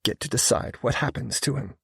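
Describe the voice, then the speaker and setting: A man voicing a wounded, stubborn young woman in an audiobook, pleading and anguished, sometimes yelling. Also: mid-range voice, a little fast, gravelly, slightly rough, no echo, studio quality, voice pushed up, heavily acted. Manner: pleading and anguished, rising to yells. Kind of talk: audiobook character voice.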